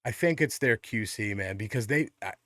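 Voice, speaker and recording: A man's voice: on the low side, lively intonation, normal speed, a bit bright, no room sound, clean studio sound. A man co-hosting a podcast in casual chat, rambling and swearing freely. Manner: rambling, swears often, restarts. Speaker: podcast co-host.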